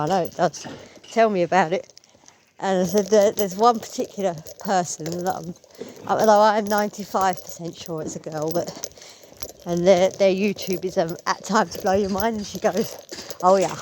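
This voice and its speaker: A woman's voice: mid-range voice, a little mellow, a little hiss or hum. A woman telling a rambling, opinionated story as a theatre fan vlogger. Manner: chatty, opinionated, rambling with asides. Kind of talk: casual storytelling vlog.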